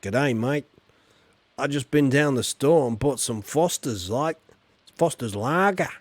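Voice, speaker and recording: A man putting on a cheerful, laid-back Australian bloke in a deliberately hammy mock-Australian accent, full of exaggerated slang. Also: mid-range voice, dry recording, lightly acted. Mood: jokey.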